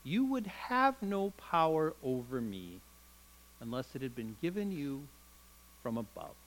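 A man voicing a calm, condemned prisoner who answers his judge in quiet, measured words. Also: fairly high pitch, pitched below the performer's own voice. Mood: solemn. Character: calm prisoner claiming a heavenly kingdom, man.

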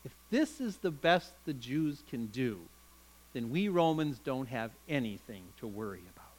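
A preacher voicing a sly, cynical Roman governor. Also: male voice, mid-range voice, very animated, normal speed, voice pushed down, rough recording. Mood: scornful. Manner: sly, sarcastic questioning.

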